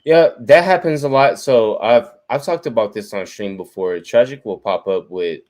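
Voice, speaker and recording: A man streaming a casual chat, animated, swearing freely and laughing often. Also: medium pitch, normal speed.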